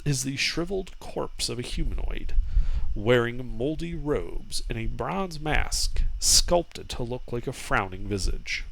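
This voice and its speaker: A man narrating as game master, describing scenes in a measured way. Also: medium pitch, expressive, creaky, fairly bright tone, a little hiss or hum, poor audio.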